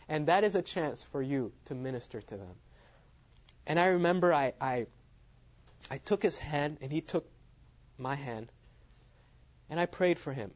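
A man's voice: on the high side, a little mellow. A man giving a sermon as he tells a personal story, laughing often at his own lines. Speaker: preacher. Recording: dull lo-fi sound.

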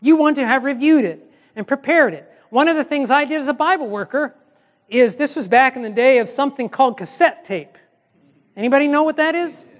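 Pastor guy with a really high voice, chatty teaching talk, long echo like a church hall. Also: lively intonation, a little fast. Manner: conversational, acts out quoted dialogue.

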